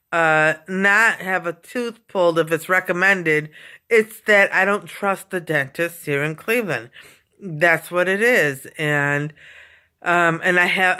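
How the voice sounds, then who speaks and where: Casual vlog chat, rambling and repetitive, smooth clear voice, home basement. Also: mid-range voice, pushed and bright. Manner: rambling, repeats itself, many fillers; yawning often. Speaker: vlogger.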